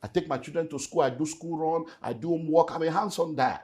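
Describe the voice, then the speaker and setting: Nigerian pastor telling a painful story. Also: male voice, on the high side, fast. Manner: emotional, rising to loud emphatic bursts. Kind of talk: candid personal testimony in conversation.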